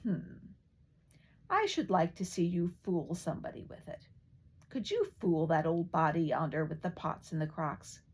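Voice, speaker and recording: A woman's voice: on the low side, expressive, measured pace, breathy edge. A woman voicing a suspicious, scheming king who mutters to himself. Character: wary scheming old king.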